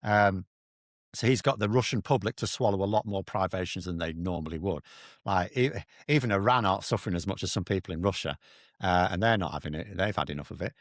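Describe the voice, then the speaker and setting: A British man analysing politics in casual talk, his low voice dry and close. He is blunt and animated, tossing in slang and quick mimicry. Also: no echo. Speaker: political commentator.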